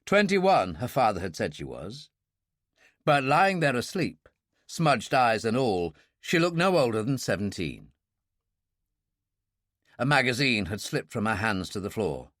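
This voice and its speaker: A man narrating a first-person thriller audiobook in a dry, measured, wry way. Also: mid-range voice, sing-song, a bit bright, no echo.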